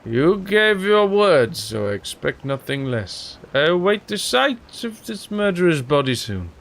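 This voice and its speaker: A man doing an impression of a famous old film actor while voicing a drunk, grandiose male wizard in a video game, speaking slowly and grandly. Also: high-pitched, very animated, creaky, fairly bright tone, full character voice. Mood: grandly pompous.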